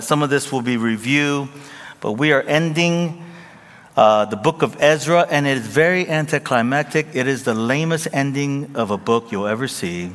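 A man preaching a sermon as pastor, moving between quiet prayer and lively, joking Bible teaching. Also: on the low side. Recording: long hall reverb.

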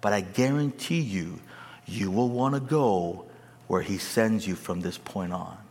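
A man preaching a sermon in a church or large hall, animated, calling on the crowd to answer him. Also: on the low side, unhurried. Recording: echoey hall.

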